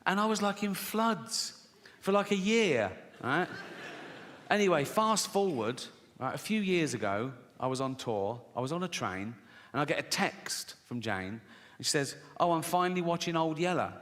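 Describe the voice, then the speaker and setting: A man's voice: fairly high pitch, sing-song, unhurried. A man performing live stand-up comedy, swearing freely and often laughing at his own jokes. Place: large live venue with audience. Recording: loud audience in echoing venue.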